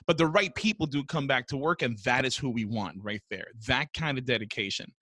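A man's voice: medium pitch, fairly quick, pushed and bright, no echo. A man co-hosting a podcast, bantering and teasing in casual chat. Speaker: podcast co-host.

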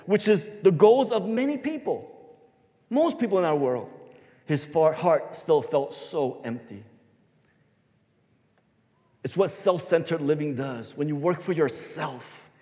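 A man pastor giving a sermon, telling a story and swinging his voice between loud and soft for emphasis. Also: fairly high pitch. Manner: storytelling, varies loudness for emphasis. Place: church sanctuary. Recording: long hall reverb.

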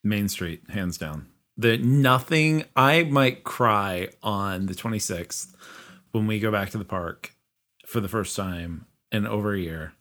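A man's voice: on the low side, slow, fairly bright tone. A man co-hosting a casual podcast chat, emphatic and enthusiastic, getting choked up as he talks. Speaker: podcast co-host.

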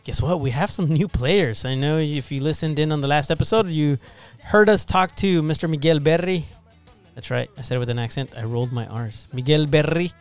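A man's voice: a little high, lively intonation, brisk, few pauses, soft background music. A man hosting a casual podcast over a video call, upbeat and rambling, laughing often. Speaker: podcast host.

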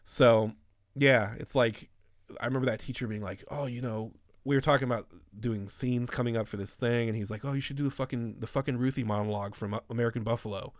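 A man's voice: mid-range voice, fairly even intonation, a little fast, no room sound, studio quality. A man in his thirties telling rambling, profane stories in a casual podcast chat.

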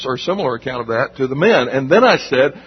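A man's voice: mid-range voice, expressive, fast talker, slightly rough. A man preaching a sermon as pastor, emphatic and conversational, repeating phrases for weight, recorded in a church sanctuary. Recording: dull recording with long hall reverb.

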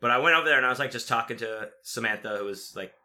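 A man's voice: medium pitch, racing, sharp tone. A man telling stories in casual chat, rambling and profane, with lots of fillers and restarts.

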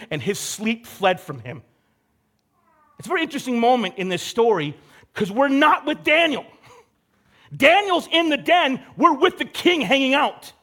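A man's voice: very high-pitched, a bit bright. A young man preaching a casual, conversational sermon, acting out the characters he quotes. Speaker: pastor.

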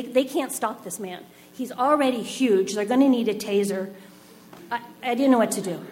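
A woman telling a personal story on stage, animated and acting out the scene as she goes. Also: a little high, slight background noise, low-quality recording.

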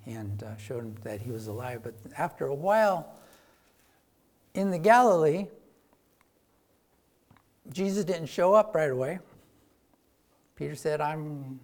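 A man preaching a sermon, retelling a Bible story in a conversational way. He gets louder for emphasis and then drops soft and quiet. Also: fairly high pitch, animated, unhurried, pauses often.

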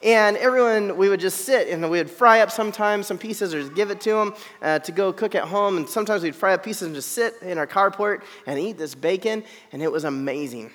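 A high-voiced man tells a humorous personal story to an audience. He is animated and self-deprecating, and he keeps checking in with his listeners. His voice rings out with the long reverb of a large hall. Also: brisk, few pauses.

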